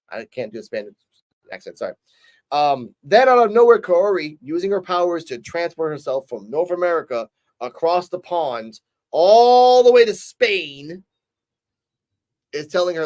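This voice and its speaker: Man, casual review chat, animated, fairly high voice, acts out scenes. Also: normal speed. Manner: casual, swears now and then. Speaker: show reviewer.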